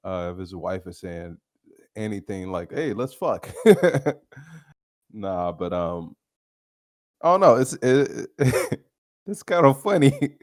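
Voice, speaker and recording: A man's voice: on the low side, darkish tone, dry recording, clean studio sound. A man hosting a podcast, telling casual stories alone, laughing often and swearing freely. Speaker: podcast host. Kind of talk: casual storytelling monologue.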